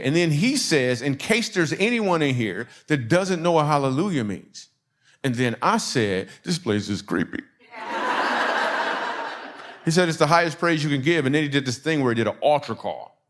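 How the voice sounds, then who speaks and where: A man's voice: on the high side, fairly bright tone. A middle-aged man from Michigan, a comedian and speaker, telling a funny story to a laughing audience and acting out the people in it.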